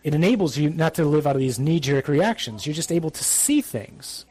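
A man's voice: fairly high pitch, expressive, a little fast, a little mellow. A man, a priest, giving a conversational religious talk to young adults, blunt and emphatic with some dry humour.

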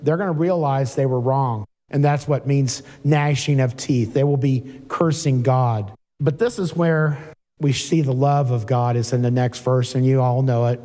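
In a hall with long reverb, a man delivers a sermon in a conversational manner, reading scripture and pausing for asides. His mid-range voice is mellow and steady in tone, moving at a normal speed.

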